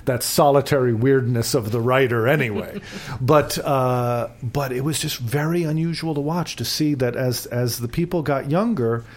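A man's voice: medium pitch, normal speed. An older man co-hosting a talk show in casual chat, rambling and self-deprecating, with many restarts. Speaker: co-host.

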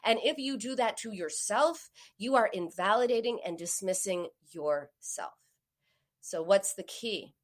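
A woman in her forties hosting an advice talk, speaking straight to the listener and acting out the voices in her stories with big jumps in pitch. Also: measured pace. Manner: animated storyteller, acts out quoted voices with sharp pitch jumps. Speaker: host giving advice on emotional eating.

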